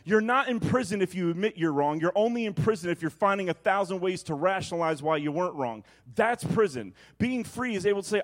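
A man in his thirties preaching a sermon, moving between quiet reflection and animated personal storytelling. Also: fairly high pitch, a little fast. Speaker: pastor.

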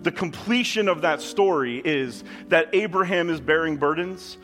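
A man's voice: fairly high pitch, normal speed, a bit bright, soft background music. A man preaching a sermon in a conversational style, with emphatic asides to the congregation. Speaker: pastor. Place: church with kids in the room.

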